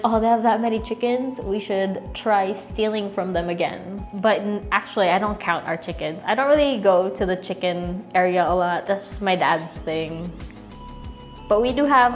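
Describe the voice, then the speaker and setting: A young woman from the Philippines answering viewer questions in a casual, rambling chat, laughing often and getting sentimental. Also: mid-range voice.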